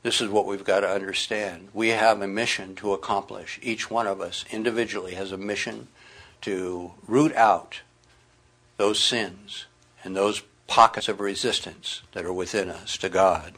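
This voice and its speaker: A man's voice: fairly low pitch, fairly even intonation, normal speed, a bit bright. A middle-aged man preaching a sermon, reading scripture aloud and speaking with earnest emphasis.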